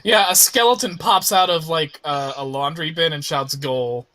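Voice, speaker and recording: A man narrating as game master of a tabletop game, relaxed and halting, with fillers. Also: a little high, dry recording.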